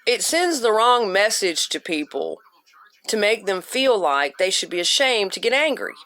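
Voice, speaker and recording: A woman with a mid-pitched voice speaks straight to her viewers in a forceful motivational rant. She hammers points home with short repeated commands and casual swearing. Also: sing-song, moderate pace. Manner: blunt and profane, punchy repetition. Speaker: vlogger giving self-help advice.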